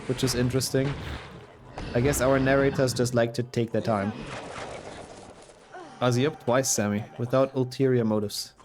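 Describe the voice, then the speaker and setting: Streaming a speedrun, a young man from Germany sounds sick as he chats casually, reading messages from chat and answering them mid-game. He speaks in a mid-range voice with a darkish tone.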